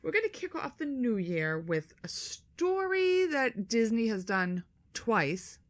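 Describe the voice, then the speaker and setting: A woman's voice: on the high side, slow pace. A middle-aged woman co-hosting a podcast, chatting loosely, swearing freely and acting out conversations. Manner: animated, swears freely, acts out quoted talk. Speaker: podcast co-host. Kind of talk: casual chat.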